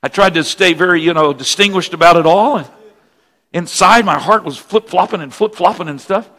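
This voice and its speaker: High-voiced pastor preaching with hall reverb. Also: male voice, brisk. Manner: animated, swings from hushed storytelling to shouted praise. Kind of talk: sermon storytelling. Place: church sanctuary. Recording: long reverb of a church hall.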